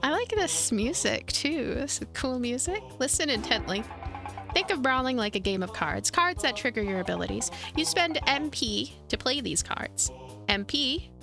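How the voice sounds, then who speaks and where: A woman's voice: high voice, big pitch swings, moderate pace, gravelly. A woman playing a game and commenting in a playful, giggly way, talking to herself. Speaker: let's play host. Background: game music.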